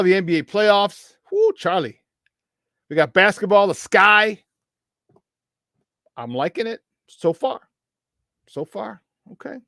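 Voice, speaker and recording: Fired-up male sports radio host, high voice, close dry studio sound, greets listeners by name. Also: no echo. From Chicago area. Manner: hyped, shouting out listeners by name. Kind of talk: morning sports talk show.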